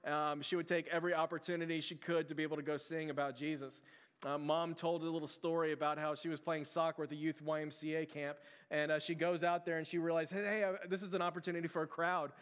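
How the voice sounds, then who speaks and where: A man's voice: a little high, little pitch movement, fast, clean tone. A pastor preaching a sermon to his church in a conversational, earnest way, with frequent fillers and restarts. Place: church sanctuary. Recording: long hall reverb.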